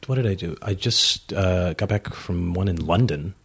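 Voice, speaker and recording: A man voice actor, a podcast guest, in playful, animated casual chat. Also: deep voice, moderate pace, creaky, breathy edge.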